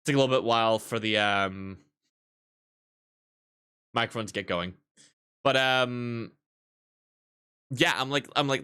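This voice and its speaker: Guy streaming and swearing a lot, bright sharp voice, rambling coffee stories. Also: mid-range voice, a little slow, long pauses, clean tone. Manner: profane, animated storytelling. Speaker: barista. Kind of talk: casual livestream chat.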